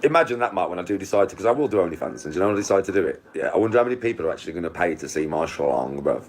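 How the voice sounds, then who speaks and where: Brash bloke, middle-aged, lowish voice, crude rambling boasts, laughs a lot. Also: male voice, animated, racing, a little hiss or hum. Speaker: YouTuber on a live stream. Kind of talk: boastful casual chat with friends.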